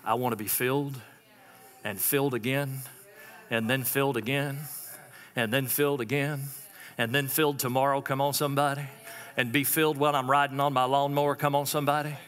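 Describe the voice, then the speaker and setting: A man's voice: medium pitch, flat delivery, brisk, a bit bright, long reverb tail. A man preaching a sermon as a church pastor, calling out to the congregation for amens and responses. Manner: call-and-response preaching, repeated prompts to the congregation. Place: church sanctuary.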